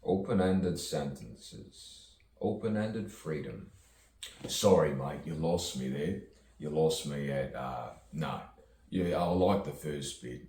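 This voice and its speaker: A man's voice: extremely low pitch, lively intonation, takes it slowly, a little mellow, a little hiss or hum. A man improvising a rambling, rhyming stream-of-consciousness monologue with chuckles between lines, recorded from a distance. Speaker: poet. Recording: roomy echo, distant mic, faint ambience.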